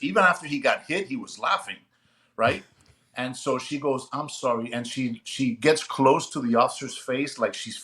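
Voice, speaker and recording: A middle-aged man, a retired police sergeant, telling a story in a lively, chatty podcast chat and often checking in with his listeners. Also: medium pitch.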